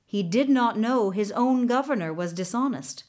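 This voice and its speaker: A woman narrating a storybook fairy tale in an expressive, measured manner. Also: a little high.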